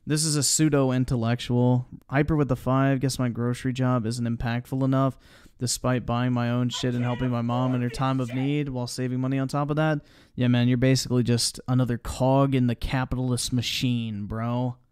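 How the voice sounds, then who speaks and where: A man's voice: medium pitch, level tone, normal speed, darkish tone, smooth, no echo, studio quality. A man commenting on a video during a live stream, mocking it sarcastically with heavy swearing and reading viewer chat aloud.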